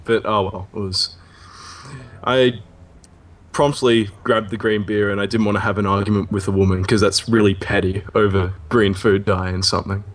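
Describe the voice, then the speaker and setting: A man's voice: fairly low pitch, steady tone, moderate pace. A man in casual podcast banter, telling rambling stories with jokey asides. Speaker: podcast co-host. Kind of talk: casual chat.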